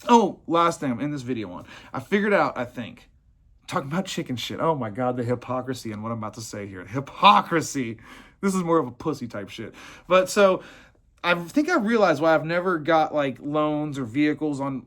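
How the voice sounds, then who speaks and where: A man's voice: fairly high pitch, expressive, fairly quick, fairly bright tone. A man who owns a plumbing business, giving a blunt, profane, rambling motivational talk.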